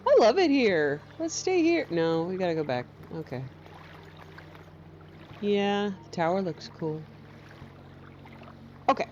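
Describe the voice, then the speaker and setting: A woman's voice: on the low side, very animated, slow, long pauses, darkish tone, highs cut off, slight background noise. A woman giving playful, casual gameplay commentary, cooing at her companion in baby talk and cracking jokes at her own expense. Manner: jokey, teasing, self-mocking asides. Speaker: gameplay streamer.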